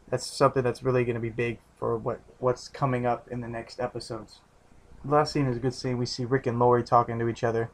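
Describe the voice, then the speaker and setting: A man giving a casual, rambling recap of a TV episode, restarting his sentences often and swearing freely. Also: medium pitch. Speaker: TV episode reviewer.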